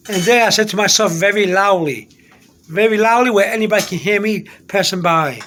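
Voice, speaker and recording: Man, high voice, faith testimony, rambling, halting, repeats phrases. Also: a bit bright. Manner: halting, many restarts.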